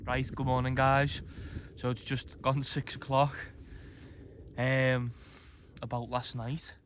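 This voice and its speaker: A man's voice: medium pitch, flat delivery, slow pace, a little hiss or hum. Chatty man outdoors. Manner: chatty, rambling, self-deprecating. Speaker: camping vlogger. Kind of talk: casual morning chat to camera. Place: outdoors on a mountain campsite.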